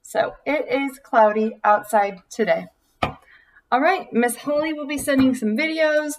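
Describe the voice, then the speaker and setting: A young woman teaching a preschool circle time from home, talking slowly and clearly in a sing-song way for small children. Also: high voice, far from the mic, slight background noise, poor audio.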